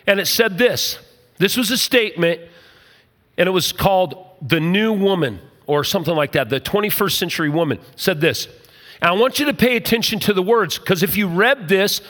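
A man's voice: high-pitched, fairly bright tone, in a large hall. An older man, a pastor, giving an emphatic sermon with humorous asides.

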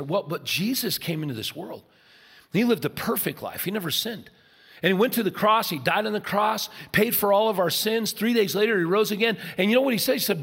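A male pastor delivering a sermon in a church hall, his slightly high voice carrying a long reverb tail. He moves between loud, animated storytelling and hushed, earnest stretches.

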